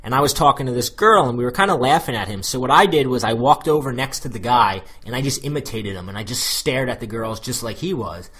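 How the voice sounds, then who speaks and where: A man's voice: mid-range voice, expressive, fast, few pauses, fairly bright tone, breathy edge. An American man coaching on dating in a loose, chatty monologue full of fillers. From United States. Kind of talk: casual spoken advice monologue.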